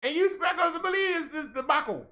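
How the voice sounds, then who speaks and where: A man's voice: extremely high pitch, expressive, quick pace, sharp tone. A man with ranting through a commentary vlog, exasperated and scolding. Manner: exasperated, scolding, mocks others in put-on voices. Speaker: commentary vlogger.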